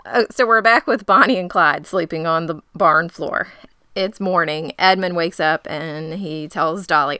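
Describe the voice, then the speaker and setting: A woman's voice: fairly low pitch, a little slow, bright, forceful tone, clean tone, no echo, clean studio sound. A woman co-hosting a podcast, narrating a TV plot in a casual chat. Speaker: podcast co-host.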